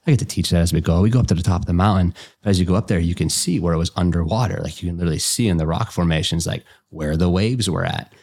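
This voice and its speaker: A very deep, gravelly man with an Appalachian accent, from West Virginia. He talks in a loose, folksy way, full of double negatives and casual swearing, as he coaches and tells stories. The grit in his voice stays under every line. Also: racing, hardly any pauses, darkish tone. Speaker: life coach and podcast guest. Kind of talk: casual conversation.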